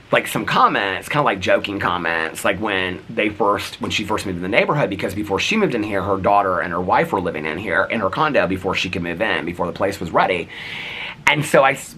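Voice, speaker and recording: A man vlogging, telling neighborhood stories in a rambling, animated way full of fillers. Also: low voice, slight background noise. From United States. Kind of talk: casual storytelling.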